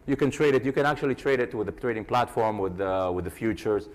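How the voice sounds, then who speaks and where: A man giving a live trading seminar to an audience, animated and teasing, calling out to the crowd directly. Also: fairly low pitch, fast talker, poor audio. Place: conference hall with a live audience.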